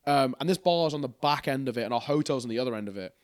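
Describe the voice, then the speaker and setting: A young man, co-host of a casual podcast, tells a rambling, animated story at rapid-fire speed, swearing freely and laughing. His voice is medium in pitch, and the recording is dry and studio quality.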